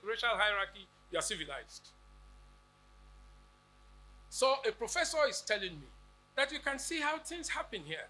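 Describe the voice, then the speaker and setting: Male lecturer from Nigeria, high-pitched and very bright, rhetorical and rousing. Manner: rousing, rhetorical, with acted quotes. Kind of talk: public lecture.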